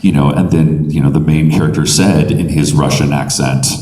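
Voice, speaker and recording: A very deep-voiced man speaks on a convention panel, telling his stories with lively energy and laughing as he goes. His voice is caught from far across an echoey hall. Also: moderate pace. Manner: lively storyteller, laughs while talking. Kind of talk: animated panel talk. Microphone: audience camera from far off.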